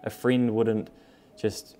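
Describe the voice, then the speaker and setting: Surrounded by unpacked moving boxes, a young vlogger talks straight to camera. His low, mellow voice stays flat and slow, and he's relaxed, frank, and freely profane.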